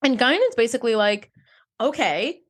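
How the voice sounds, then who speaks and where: An enthusiastic woman co-hosting a podcast, her pitch swinging widely as she talks. She sits a little above most voices and acts out the characters' lines with gusto while she recaps. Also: lively intonation, fairly quick, fairly bright tone. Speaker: podcast co-host. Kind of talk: casual chat.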